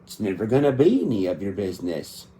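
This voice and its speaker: A man's voice: lowish voice, very animated, fast talker, dark tone. A man in his thirties delivering an angry, profane spoken rant inside a song. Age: 30s. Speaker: country rap artist.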